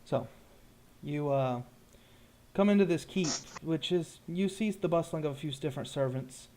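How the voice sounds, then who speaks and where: A man's voice: fairly high pitch, moderate pace, a little hiss or hum. Easygoing male game master. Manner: relaxed, searching for words. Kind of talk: improvised game narration.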